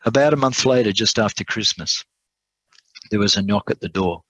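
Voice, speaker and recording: A man preaching, telling an illustration story in an earnest way and slowing down for emphasis. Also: on the low side, fairly bright tone, dry recording, low-quality recording. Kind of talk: sermon storytelling.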